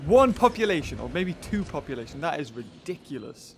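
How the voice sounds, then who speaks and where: A man hosting a let's play, chatting excitably and talking to the game's creatures as he plays. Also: fairly high pitch, normal speed, hardly any pauses, slight background noise. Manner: excitable, chatty, talks to the game characters. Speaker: gaming channel host.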